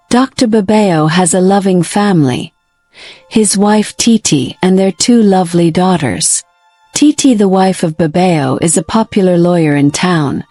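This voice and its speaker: Woman narrator, storybook telling, low voice, mellow, dry close sound, faint music. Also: no room sound.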